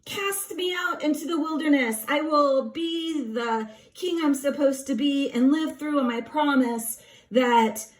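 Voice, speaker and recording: A woman's voice: high-pitched, a little slow. A woman acting out a wailing tragic king. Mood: anguished. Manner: melodramatic, sobbing outbursts. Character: anguished tragic king, grown man, wailing over his fate.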